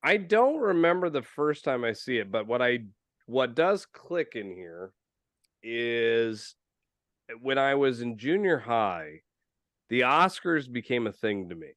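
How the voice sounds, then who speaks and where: A man's voice: medium pitch, very animated, measured pace, fairly bright tone, dry recording. A man from Iowa, co-hosting a casual podcast chat and telling a rambling, chatty story. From Iowa, USA. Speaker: podcast co-host.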